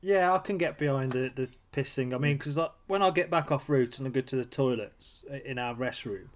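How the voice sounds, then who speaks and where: A man's voice: mid-range voice, fairly quick. Casting: man, blunt crude storyteller on a casual podcast. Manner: blunt, heavy swearing, storytelling. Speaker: podcast co-host.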